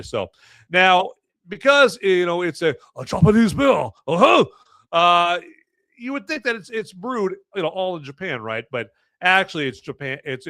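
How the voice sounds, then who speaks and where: Here a male podcast host who reviews movies and beer speaks in a mid-range voice that is bright, pushed, clear and resonant. The studio sound is clean with no echo, and his live-stream chat wanders along casually with self-mocking humor and joking side comments.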